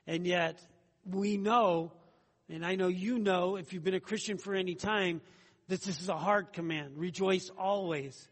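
A man preaching an earnest, conversational sermon as a pastor, often repeating phrases and adding asides. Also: high voice. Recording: long hall reverb.

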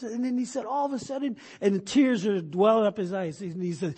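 Husky-voiced pastor in a reverberant hall. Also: male voice, high-pitched, normal speed, mellow. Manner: conversational, with many restarts and bursts of emphasis. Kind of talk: sermon.

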